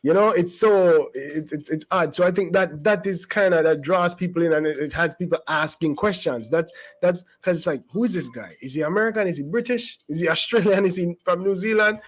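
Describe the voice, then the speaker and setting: A man's voice: high-pitched, fairly quick, hardly any pauses, low-quality recording. A man giving casual, rambling commentary as a channel host, emphatic and full of asides and restarts.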